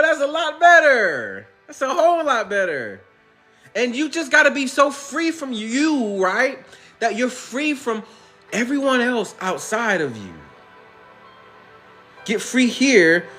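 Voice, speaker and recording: Brief: man, high bright voice, preachy and coaxing, profane spiritual pep talk, slow emphatic lines. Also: very animated, faint music behind. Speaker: motivational speaker. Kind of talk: spiritual pep talk in a comedic self-dialogue sketch.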